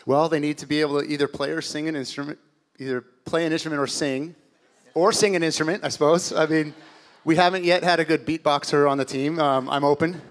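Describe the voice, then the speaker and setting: A man's voice: on the high side, fairly even intonation, quick pace. A man who is a church worship director, speaking with wry, self-deprecating humor at a service. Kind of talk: church announcement interview.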